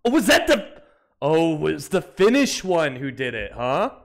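Excitable American streamer yelping loudly. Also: male voice, on the high side, measured pace, vocal fry. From United States. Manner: excitable, yelps and swears, mutters to himself. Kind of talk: live-stream gameplay commentary.

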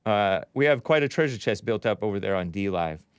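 A man's voice: fairly low pitch, animated, a little fast, clean tone, no echo. A man hosting a live talk show, commenting sardonically and laughing often. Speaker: host.

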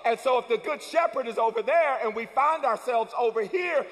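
A man preaching a sermon as pastor, with call-and-response lines that build up to shouts. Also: extremely high pitch, moderate pace. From United States. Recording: long church hall reverb.

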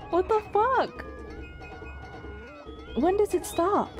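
A woman VTuber talking through a game on a live stream. Her voice sits a little high, and she speaks at an unhurried pace. She bursts into panicky, repeated shouts and swears freely as things go wrong. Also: soft background music. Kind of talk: casual live gameplay commentary.

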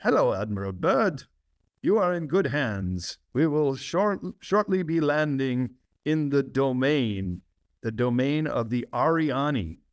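A man voicing a mysterious alien pilot who greets an admiral in a calm, formal way. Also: mid-range voice, takes it slowly, no echo, studio quality. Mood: reassuring.

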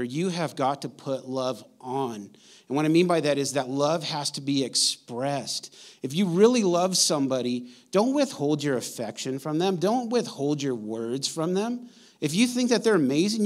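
Animated man preaching a sermon. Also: fairly high pitch. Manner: animated storytelling, conversational asides. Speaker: pastor.

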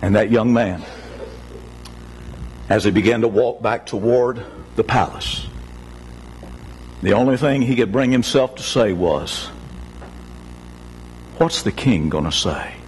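A man's voice: mid-range voice, measured pace, long pauses, a little mellow, slight background noise, low-quality recording. A male pastor preaching an Easter sermon, telling a story with big swings in his voice. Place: church sanctuary.

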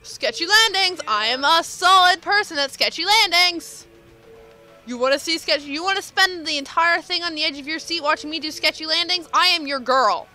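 Young woman let's player, high bright voice, self-mocking and teasing, faint game music. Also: normal speed.

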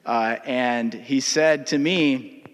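Minnesotan male state legislator, mid-pitched, halting anecdotal memorial speech with lots of fillers, long chamber reverb. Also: dull audio, slight background noise. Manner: conversational, halting, many uh fillers.

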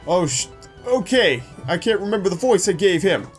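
A man's voice: sits high, very animated, normal speed. A young man giving casual, sarcastic let's play commentary with joking banter. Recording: faint game music behind.

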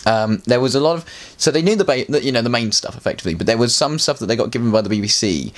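A man's voice: mid-range voice, lively intonation, rapid-fire. A man telling rambling stories as an interview guest in casual chat. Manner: rambling, chatty storytelling with many restarts. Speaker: interview guest, prop maker. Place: bedroom at home.

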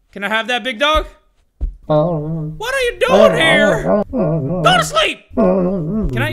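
A man hosting a horror game video, making excitable, joking commentary and yelping when startled. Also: high-pitched, slight background noise. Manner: excitable, jokey, loud startled yelps. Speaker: gaming video host.

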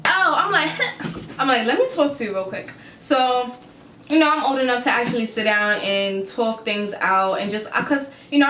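A young adult woman vlogger recounting a story in a casual, animated, swearing, incredulous way. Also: on the high side, slight background noise. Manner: animated, profane, incredulous retelling. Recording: roomy echo with faint ambience.

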